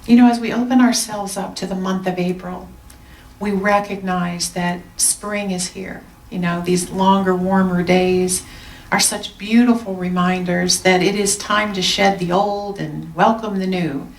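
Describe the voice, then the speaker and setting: A woman minister giving a gentle, reflective Sunday sermon with slow, soft pauses. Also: on the low side, fairly even intonation. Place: church sanctuary. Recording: roomy sound, mic at a distance.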